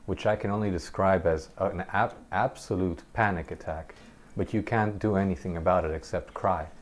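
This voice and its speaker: A man casually telling a personal story over gameplay, animated and halting, often laughing between sentences. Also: low voice. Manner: halting, many restarts. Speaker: gameplay commentator.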